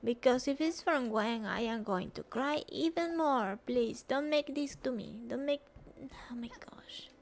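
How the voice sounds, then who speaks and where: A woman's voice: high voice, lively intonation, measured pace, gravelly, hardly any pauses. A woman streaming a video game, emotional, with whispered gasps and exclamations. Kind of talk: game commentary.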